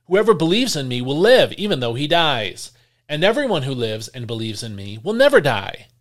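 A man reading the lines of Jesus, calm and solemn. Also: mid-range voice, normal speed, natural voice.

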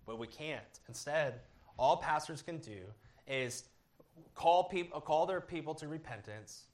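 A man preaching as a pastor, earnest and measured, with occasional fillers as he explains. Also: mid-range voice, a bit bright. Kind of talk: sermon teaching.

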